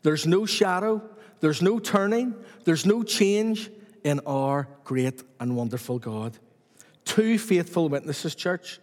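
Male preacher, high voice, rhythmic repeated phrases, long hall reverb. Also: animated, slow. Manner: repetitive rhythmic preaching with rising emphasis. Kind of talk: sermon.

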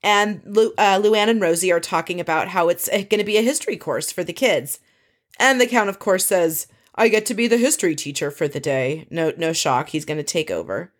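A woman's voice: lowish voice, expressive, brisk. A woman casually recapping a reality show episode, chatty and full of opinionated asides.

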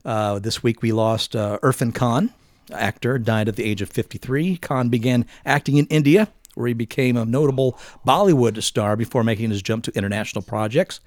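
A man's voice: medium pitch, a little fast, dry recording. A man in the middle of his range hosts a casual podcast, moving between loose banter and reading out news items. He talks animatedly and often restarts his phrases. The recording is dry and close, with no room sound. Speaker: podcast host. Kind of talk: casual chat and news read-out.

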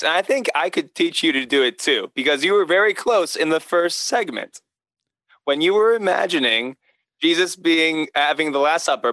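A man co-hosting a podcast in casual chat, earnest and explanatory and quick to laugh, speaking over a remote call. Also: a little high, sharp tone, dry recording, low-quality recording. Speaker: podcast co-host. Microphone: remote call mic.

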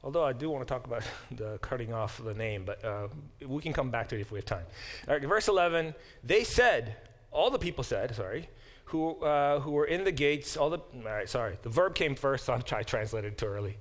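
In a brisk, expressive mid-range voice, a middle-aged Bible teacher lectures on scripture, wandering into digressions and frequently correcting himself. When he reads verses aloud, his delivery lifts with emphasis.

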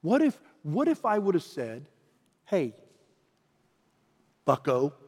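A man with a fairly high voice preaching to his congregation. He talks like he's chatting, then leans into emphatic repeated lines. His voice rings out with a long reverb from a big church hall. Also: huge pitch swings, moderate pace, darkish tone. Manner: conversational preaching, builds to emphatic repeated phrases. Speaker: pastor. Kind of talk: sermon.

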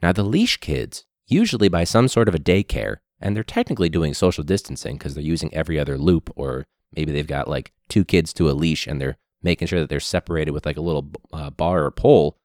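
Male teacher, very low voice, lively sarcastic delivery, throat a little hoarse, profane rant. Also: a little fast, few pauses, no echo, clean studio sound. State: hoarse throat after illness. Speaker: high school teacher. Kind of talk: casual ranting monologue.

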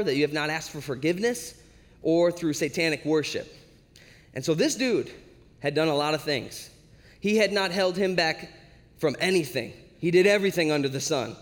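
High-voiced preacher with a casual, animated delivery. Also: male voice, in a large hall. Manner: casual storytelling, animated, slangy. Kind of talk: sermon.

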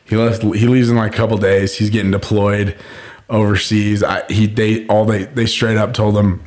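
A young man with a fairly low voice tells a story on a podcast. He rambles, fills his talk with "like" and "bro", and laughs often as he goes. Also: flat delivery, normal speed, a little mellow. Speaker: podcast host.

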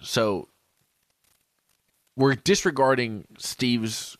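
A man's voice: medium pitch, extremely slow, no room sound. A man co-hosting a podcast in casual chat, rambling, laughing and hiccuping after drinking. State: hiccuping, drunk. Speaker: podcast co-host.

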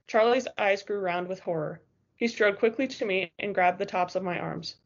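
A woman's voice: mid-range voice, moderate pace, dull audio. A woman narrating a first-person novel as an audiobook, in a tense, urgent storytelling manner.

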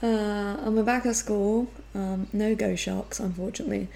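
A woman's voice: mid-range voice, moderate pace, vocal fry. A woman co-hosting a podcast, chatting casually through an episode recap and acting out the characters' lines. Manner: animated, acts out characters' lines. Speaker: podcast co-host.

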